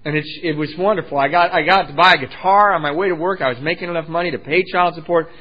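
A man tells his own recovery story with lively, self-mocking humor, often breaking into laughter at himself. His voice sits fairly high. The recording is muffled and lo-fi. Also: quick pace. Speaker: speaker sharing his recovery story at a meeting. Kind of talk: personal storytelling talk.

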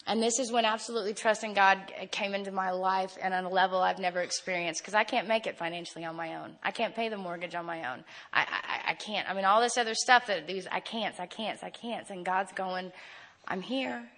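An adult woman giving a candid personal testimony at a recovery meeting, animated and laughing often. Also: mid-range voice, brisk, few pauses.

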